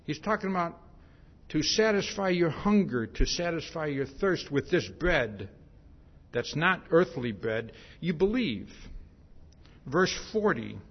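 A man's voice: on the high side, a little slow, husky. A male preacher giving an expository Bible sermon, emphatic, often asking "see?" to drive each point home. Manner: repeats "see?" often, emphatic, lively rises and drops. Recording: dull lo-fi sermon recording.

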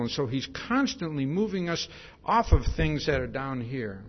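A man with a mid-range voice at normal speed preaches an expository Bible sermon, emphatic and lively in his rises and drops. "See?" comes up again and again as he drives each point home. The recording is dull and lo-fi.

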